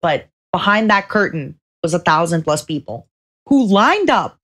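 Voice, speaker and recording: A woman co-hosting a VTuber podcast in casual chat, animated and expressive, repeating phrases for emphasis. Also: on the low side, measured pace. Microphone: personal microphone.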